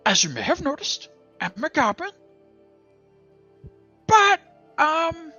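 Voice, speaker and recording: A man's voice: very high voice, sharp tone, voice pushed up, full character voice. A man voicing a scrappy male goblin who rambles in broken grammar. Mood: chatty.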